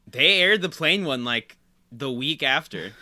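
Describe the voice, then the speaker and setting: Casting: young adult male podcast co-host, bright, animated delivery with a teasing streak. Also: mid-range voice, unhurried. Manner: teasing, joking. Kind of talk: casual banter.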